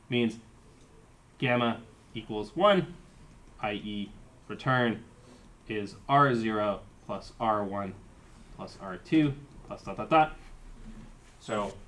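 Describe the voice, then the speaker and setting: A man's voice: mid-range voice, slow pace, pauses often, fairly bright tone. Guy lecturing a class, walks through each term, lots of uhs and restarts. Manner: explains terms step by step, thinking aloud with fillers. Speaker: university lecturer. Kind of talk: live-coded lecture.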